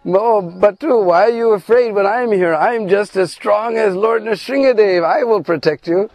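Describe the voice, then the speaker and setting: A man voicing a bold, playful young cowherd hero, boastful and reassuring, with a gravelly edge. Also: sits high, normal speed, a little mellow, no room sound, pitched above the performer's own voice.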